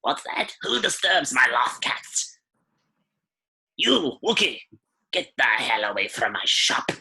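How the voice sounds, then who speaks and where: A man voicing a grizzled old female alien pet-shop keeper who talks in broken, clipped speech and throws out gruff threats. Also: medium pitch, very animated, slow, bright, forceful tone, slight background noise, full character voice. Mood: scolding.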